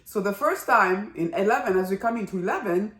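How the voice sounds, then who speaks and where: Animated woman reviewing a drama. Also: mid-range voice, brisk, roomy sound. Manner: animated, exclamatory, chatty. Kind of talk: casual review vlog.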